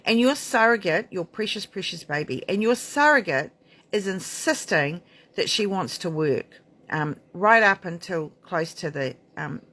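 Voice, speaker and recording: A woman's voice: fairly low pitch, expressive, a little slow, a bit bright. A middle-aged woman midwife giving a frank, emphatic talk to camera, blunt and candid. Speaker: midwife and maternity author.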